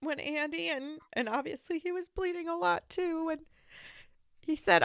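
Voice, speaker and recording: A woman hosts a podcast interview, offering gentle, supportive replies. Her voice is high and bright with a forward edge. The sound is dry and close. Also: steady tone, moderate pace, gravelly, dry recording. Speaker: podcast host.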